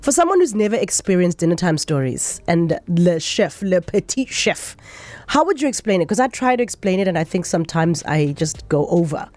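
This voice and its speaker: A woman's voice: on the low side, sing-song, moderate pace, darkish tone, no echo. A woman hosting a radio show, talking in a bubbly, chatty, playful way. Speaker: radio host. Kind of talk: upbeat radio chat.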